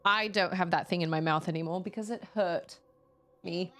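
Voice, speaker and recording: A young woman with a lowish voice chats at a moderate pace during a casual gameplay stream. She's lively and talkative, bursting into laughs and goofy voices.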